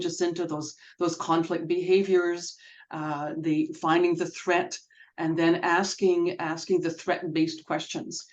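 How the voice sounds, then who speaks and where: A woman's voice: lowish voice, darkish tone, muffled recording. A woman co-hosting a webinar, thanking the speaker in hesitant conversational remarks. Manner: hesitant, with fillers.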